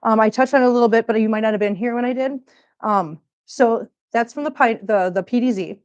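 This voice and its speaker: A woman's voice: on the high side, a little fast, muffled recording. A woman chatting casually on a cat-care livestream, rambling and answering viewers while she cleans, a little out of breath. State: a bit out of breath. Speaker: cat channel vlogger.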